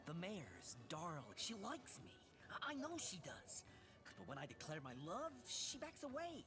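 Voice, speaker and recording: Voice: mid-range voice, huge pitch swings, a little slow, music in the background. An actor voicing a lovesick talking cat in a video game, earnest and plaintive. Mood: lovelorn.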